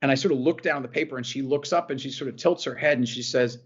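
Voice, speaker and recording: A man's voice: medium pitch, quick pace, few pauses, breathy edge, dull audio. Earnest man telling a personal story. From New Jersey. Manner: earnest, repeats phrases, restarts sentences. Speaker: podcast guest. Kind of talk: emotional personal storytelling in an interview.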